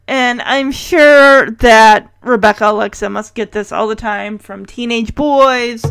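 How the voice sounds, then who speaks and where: A woman recapping a TV episode in a casual, animated way, laughing often and acting out the characters' lines. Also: on the high side, unhurried, hardly any pauses, clear, resonant tone. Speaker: recap podcast host.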